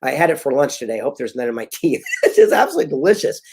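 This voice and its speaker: A middle-aged man giving an animated motivational talk, telling stories and acting out quoted dialogue. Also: mid-range voice, racing, breathy edge. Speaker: motivational speaker.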